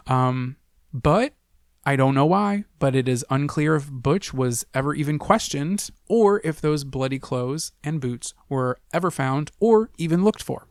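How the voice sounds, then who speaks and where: A man's voice: fairly high pitch, expressive, measured pace, no echo, clean studio sound. A man co-hosting a casual true-crime podcast, retelling cases in a joking, profane way. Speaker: podcast co-host.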